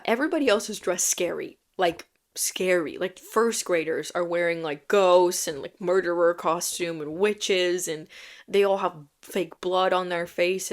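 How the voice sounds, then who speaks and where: A young woman telling funny stories in a casual, self-mocking podcast chat, sometimes dropping to a whisper. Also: lowish voice. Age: young adult. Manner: chatty, self-mocking, animated storytelling with frequent laughs and dropped whispers. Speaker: podcast host.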